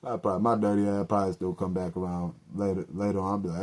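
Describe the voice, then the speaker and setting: A young man talks alone on his podcast, spinning loose, profane stories full of joking asides. His voice sits low and mellow. He stops to correct himself and laughs at his own slips. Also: flat delivery, racing. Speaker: podcast host. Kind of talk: casual solo storytelling.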